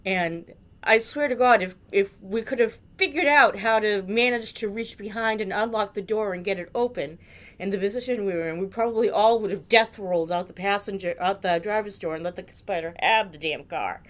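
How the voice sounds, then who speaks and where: A woman's voice: medium pitch, normal speed. A middle-aged woman from Massachusetts telling a funny memory about a friend, with dramatic, jokey exaggeration. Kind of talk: storytelling tribute.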